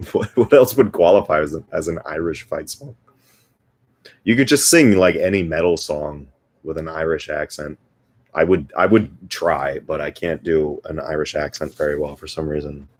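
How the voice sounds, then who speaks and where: Deep-voiced man chatting over guitar. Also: fairly even intonation, moderate pace, darkish tone. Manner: rambling and self-deprecating, with many fillers. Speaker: guitarist hosting a live stream. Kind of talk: casual live-stream chat between songs. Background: guitar playing.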